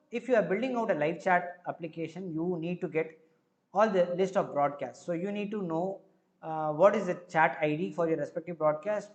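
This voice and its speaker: A man with an Indian accent, hosting a live coding stream, who explains each step as he goes and fills pauses with frequent filler words. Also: fairly high pitch.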